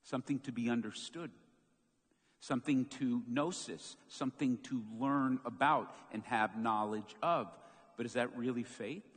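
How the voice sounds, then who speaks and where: A man preaching a sermon as pastor, telling a story with lively, acted-out moments. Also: medium pitch, measured pace, husky. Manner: animated storytelling, acts out quoted shouts. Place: church sanctuary. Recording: long church hall reverb.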